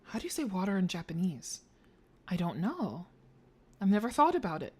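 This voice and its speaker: Her voice is husky and warm, medium in pitch with big swings, at a moderate pace. She's a streamer doing let's play commentary, reasoning aloud through puzzles, cursing freely, and playfully cracking jokes in between.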